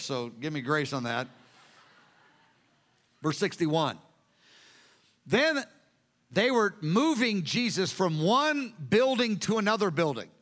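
A male pastor preaching a sermon with animated storytelling. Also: sits high.

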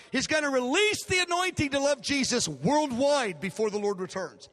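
The long reverb of a large hall surrounds an older male pastor as he preaches. His voice is extremely high and a bit bright, and he retells a story with emotion and drama, acting out each line of dialogue.

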